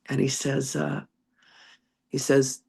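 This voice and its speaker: Slowly, in an extremely low, creaky and husky voice, a congested reverend and psychic medium tells chatty, lively stories punctuated by laughter. She then moves on to reading a channeled message containing a spiritual lesson.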